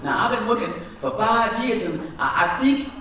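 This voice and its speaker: Poor street sweeper, stammering and desperate, high and lively, as a man puts him on, echoey hall miked from afar. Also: moderate pace. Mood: polite, hesitant. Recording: echoey hall from far off, faint music.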